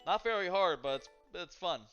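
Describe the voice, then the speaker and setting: A man's voice: high voice, animated, normal speed, fairly bright tone, dull audio, faint music behind. A man streaming a game, rambling casually with lots of fillers while he plays and answers chat. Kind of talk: casual live-stream commentary while gaming.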